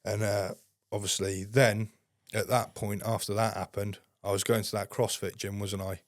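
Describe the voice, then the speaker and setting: A man with a fairly low voice tells a story as a podcast guest, blunt and casual and swearing all the time. His voice is close and dry, with no room sound. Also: level tone, moderate pace, no room sound.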